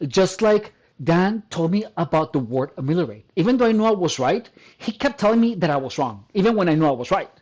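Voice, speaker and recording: A man's voice: high voice, sing-song, brisk, few pauses, darkish tone, highs cut off. A man talking straight to the camera in a casual monologue, emphatic, often repeating and restarting his phrases. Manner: addresses listener as dude and man. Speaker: personal trainer vlogger.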